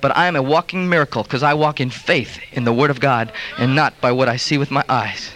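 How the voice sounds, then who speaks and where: A man's voice: medium pitch, brisk, fairly bright tone. A male preacher giving an emphatic, storytelling sermon.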